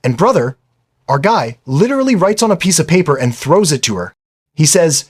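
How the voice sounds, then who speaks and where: A man's voice: fairly high pitch, big pitch swings, fairly quick, slightly rough. A man narrating an anime episode recap in a chatty, casual storytelling way, often calling the listener brother. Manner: chatty, says "brother" and "literally".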